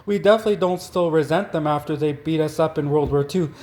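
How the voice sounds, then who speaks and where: A man's voice: fairly high pitch, fast, darkish tone, natural voice. A man voicing a mock-sincere German neighbor who fakes sorrow, in a put-on German accent. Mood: mock sorrowful.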